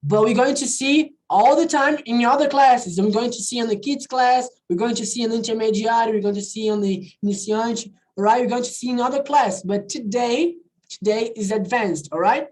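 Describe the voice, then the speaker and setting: A woman with a slightly high voice teaches a casual online class. She talks in a chatty, repetitive way and keeps checking in with her students. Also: moderate pace, darkish tone, low-quality recording. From not from the country where she teaches. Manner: chatty, repeats "all right, guys?" and switches into Portuguese.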